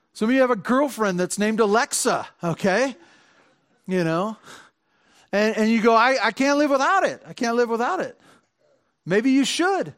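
A man with a high voice delivers a chatty sermon. He restarts and repeats phrases, pushing some questions out loudly and dropping to quiet asides. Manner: conversational, repeats words and restarts, swings between loud questions and soft asides. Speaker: pastor.

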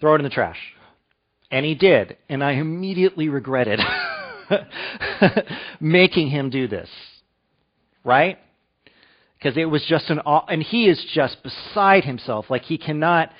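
A man's voice: fairly high pitch, lively intonation, measured pace, long pauses, lo-fi sound. A man in his thirties preaching a sermon as pastor, talking conversationally and asking his listeners questions. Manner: conversational, asks the room questions.

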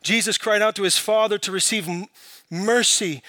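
A man preaching a sermon, building from quiet, searching questions to impassioned, emphatic peaks. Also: sits high, fairly even intonation, normal speed, no echo. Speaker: pastor.

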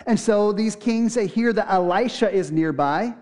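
A man's voice: sits high, normal speed, a little mellow. A young adult man preaching a sermon, retelling a scripture passage casually and acting out the characters' lines. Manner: casual storytelling with acted-out quotes. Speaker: pastor.

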